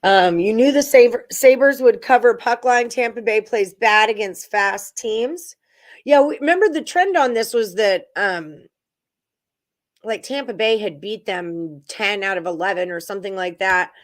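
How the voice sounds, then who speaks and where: A woman's voice: mid-range voice, unhurried. A woman hosting a casual sports betting livestream, rattling off odds and percentages and chatting with viewers. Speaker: sports betting show host. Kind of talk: casual livestream chat about betting picks.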